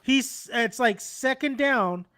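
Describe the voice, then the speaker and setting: Host: young guy, high voice, rambly and profane, laughs a lot, casual sports talk. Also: takes it slowly, sharp tone. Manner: rambling, laughing, swearing freely. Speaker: channel host. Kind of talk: casual chat about football.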